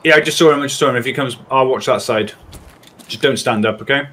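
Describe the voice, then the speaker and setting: A man's voice: mid-range voice, fast, fairly bright tone, a little hiss or hum. A man talking while gaming, sweary and jumpy. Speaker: gamer. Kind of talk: casual gaming chat.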